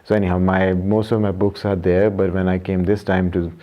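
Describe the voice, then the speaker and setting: Deep-voiced young man, rambling casual vlog. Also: little pitch movement, brisk. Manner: rambling, self-correcting, frequent fillers. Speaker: vlogger. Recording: muffled low-fidelity audio.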